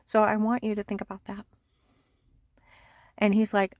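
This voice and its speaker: A woman telling a long personal story in a rambling monologue, agitated and insistent, repeating herself and sometimes dropping to a hushed near-whisper. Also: medium pitch, monotone, normal speed, long pauses, dry recording. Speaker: vlogger.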